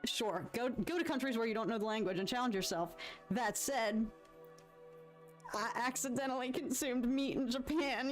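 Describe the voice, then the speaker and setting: A woman's voice: on the high side, normal speed, soft background music. A young woman from the United States with a Detroit accent, chatting in a rambling, giggly way to viewers of her live stream while she draws. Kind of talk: casual chat while drawing.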